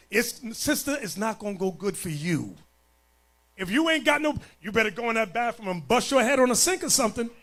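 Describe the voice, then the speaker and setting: A man preaching as a bishop, blunt and forceful, dropping to low mutters and rising to shouts. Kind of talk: sermon.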